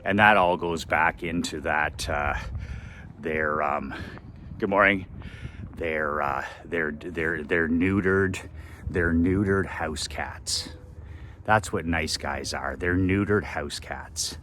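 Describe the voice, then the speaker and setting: A man's voice: sits low, slow, bright, forceful tone, slight background noise. A man giving a blunt, profane motivational monologue as a business coach, repeating phrases for emphasis.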